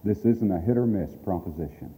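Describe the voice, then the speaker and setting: A man's voice: low-pitched, a little fast, mellow. A man giving a sermon-style address about radio outreach. He speaks earnestly and stresses his points through emphatic repetition. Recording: long hall reverb.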